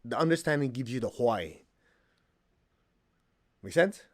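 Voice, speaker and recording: Male meditation teacher, animated class talk, humorous and direct. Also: a little slow. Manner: animated storyteller, acts out quotes with high pitch jumps; plain-spoken, humorous, asks the class questions.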